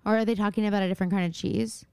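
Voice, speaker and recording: Young female podcast co-host, rambling and giggly, crisp and dry. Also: mid-range voice, steady tone, very fast, darkish tone, dry recording. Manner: chatty, rambling, lots of fillers and giggles. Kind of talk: casual chat.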